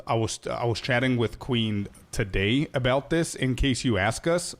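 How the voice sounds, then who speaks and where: A man's voice: mid-range voice, lively intonation, normal speed, few pauses. A man streaming a game, chatting casually with viewers in a laid-back, slangy way and laughing often.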